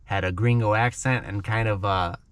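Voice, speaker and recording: A man's voice: fairly low pitch, steady tone, normal speed. A man teaching English to learners by telling a dramatic story in simple words, often checking in with "okay?".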